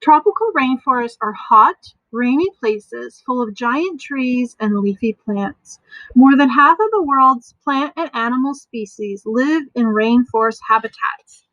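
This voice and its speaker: A middle-aged woman teacher reads a picture book aloud to young children and stops to explain things gently and simply. Her voice sits a little high. It is recorded close and dry, with no room sound. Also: animated, unhurried, no room sound, lo-fi sound.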